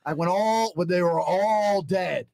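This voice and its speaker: A man's voice: high-pitched, a little slow, gravelly, no room sound. A man telling a crude story as a podcast guest, acting out the people in it. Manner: crude, lively, acts out the people in his stories. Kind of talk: animated storytelling.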